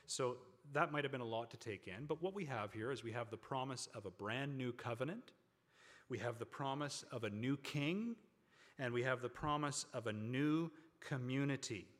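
A man preaching a sermon to a congregation, with emphatic, drawn-out stresses on key words. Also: medium pitch. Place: large hall with a congregation. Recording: long hall reverb.

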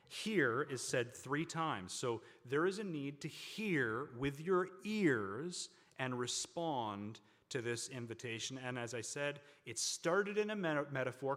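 A man preaching a sermon to a congregation, with emphatic, drawn-out stresses on key words. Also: medium pitch, lively intonation, a bit bright. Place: large hall with a congregation. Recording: long hall reverb.

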